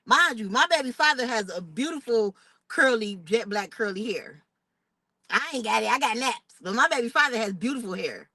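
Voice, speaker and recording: A young woman, telling a personal story in a casual vlog, animated and expressive. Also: a little high, moderate pace, no room sound, poor audio. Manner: animated, expressive retelling with outraged quoted asides. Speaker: vlogger.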